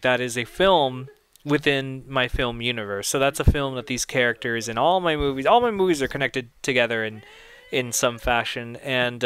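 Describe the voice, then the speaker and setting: A man's voice: mid-range voice, a bit bright, smooth. A young man giving casual audio commentary on his own film, rambling and chatty, often laughing at his own jokes.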